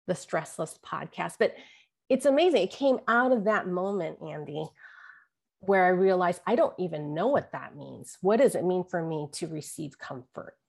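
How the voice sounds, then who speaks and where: A woman in her forties telling an earnest, halting personal story as an interview guest. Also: on the low side, creaky. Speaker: guest, author and podcaster.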